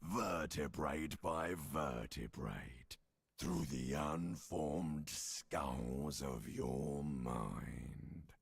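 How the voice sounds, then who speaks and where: A menacing inner voice, deep, gravelly and raspy, dragging each word out very slowly. It sounds close and dry. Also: male voice, no room sound, full character voice.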